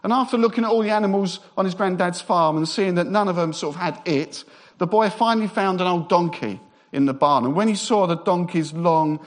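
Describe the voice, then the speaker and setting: A man preaches with a slightly raised voice. He keeps a lively, joking manner and speeds up his talk when excited. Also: high-pitched. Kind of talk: sermon.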